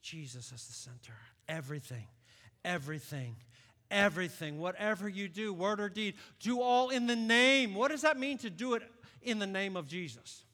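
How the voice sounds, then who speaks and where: A middle-aged man, preaching a sermon as pastor, building to shouted emphatic peaks. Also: high-pitched, normal speed. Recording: long hall reverb.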